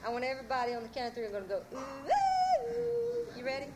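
A woman telling folk tales live to an audience in a church, animated and drawling. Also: a little high, very fast, music in the background. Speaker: storyteller.

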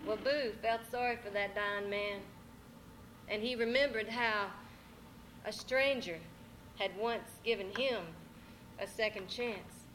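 Animated woman storyteller. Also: mid-range voice, slow, pauses often, a little hiss or hum. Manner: animated, drawling, talks to audience. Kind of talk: live folk storytelling. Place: church, live audience.

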